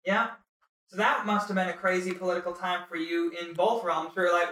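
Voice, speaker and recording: A young woman from Minnesota hosting a casual interview, joking with quick asides. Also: lowish voice, steady tone, fairly bright tone. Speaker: podcast host. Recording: roomy and distant.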